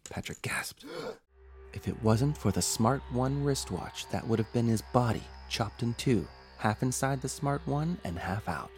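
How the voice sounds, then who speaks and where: A man's voice: medium pitch, expressive, normal speed, hardly any pauses, a little mellow, soft background music. A man hosting a podcast, reading a scripted horror story in a theatrical, playfully sinister way.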